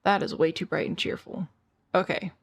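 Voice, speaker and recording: A tired woman with a hoarse voice, chatting casually to her viewers as a streamer while she plays a game and thinks aloud. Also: on the low side, fairly even intonation, normal speed. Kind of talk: casual gameplay chat.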